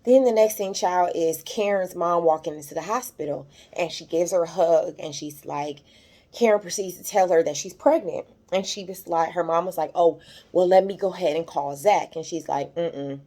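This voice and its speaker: A woman's voice: fairly low pitch, normal speed, dark tone. Chatty woman recapping a TV episode. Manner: chatty, retells scenes quoting characters, many fillers; gets emotional, voice rises when moved. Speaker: YouTube TV recap host.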